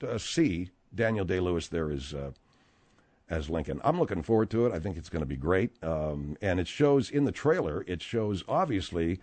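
A man hosting a talk radio show, rambling and animated, with frequent restarts as he talks. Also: low-pitched, moderate pace. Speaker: radio host.

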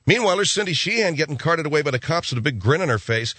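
A man hosting a talk radio show, rambling and sarcastic in a gruff, offhand way, on a studio microphone. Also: on the high side, animated, quick pace, hardly any pauses, pushed and bright, no echo.

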